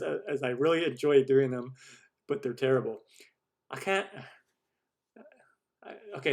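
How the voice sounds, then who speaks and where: A man in his forties hosts a live question-and-answer stream, talking loosely and jokingly about himself. He rambles with lots of ums and restarts, in an ordinary mid-pitched voice. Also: a bit bright. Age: 40s. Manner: chatty and rambling, self-deprecating jokes, many fillers. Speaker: cooking show host.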